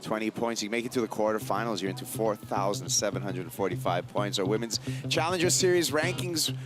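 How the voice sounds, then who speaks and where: A man's voice: on the low side, fairly quick, over music. A man commentating live surfing in an easygoing way, laughing between calls. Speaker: surf commentator.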